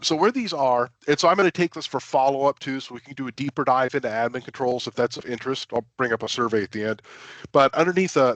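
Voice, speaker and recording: A man's voice: mid-range voice, no echo. Guy running a tech webinar, casual and rambly, um and uh a lot, very dry close sound. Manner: chatty, self-deprecating, lots of fillers and restarts. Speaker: webinar presenter. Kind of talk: casual technical webinar talk.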